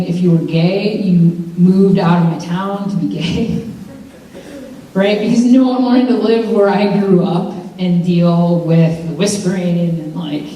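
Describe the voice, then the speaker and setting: A young adult woman telling a personal story to students in a lecture hall, chatty and animated with lots of fillers. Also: on the low side. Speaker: mental health speaker. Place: large university lecture hall. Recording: very echoey hall from far off.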